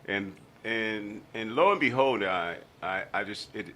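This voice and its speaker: Deep bright-voiced man telling stories. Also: measured pace. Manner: animated storyteller, acts out quotes. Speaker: guest. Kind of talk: radio interview storytelling.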